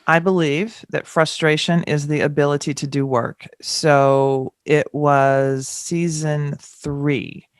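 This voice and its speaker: A woman's voice: sits low, takes it slowly, few pauses, dry recording, studio quality. A middle-aged woman from the American South, telling candid stories as a podcast guest and acting out past exchanges. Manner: animated, acts out past exchanges with rising exclamations. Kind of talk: candid storytelling in a podcast interview.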